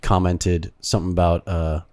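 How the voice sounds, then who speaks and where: A male podcast co-host in relaxed, casual chat, agreeable and thinking out loud as he goes. His voice sits somewhat low. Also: normal speed.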